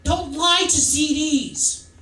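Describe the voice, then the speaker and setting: A man putting on a shrill, scolding mother with a New York accent, in an echoey club. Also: slow, full character voice. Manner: loud scolding, shouting. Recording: echoey club, mic from far off.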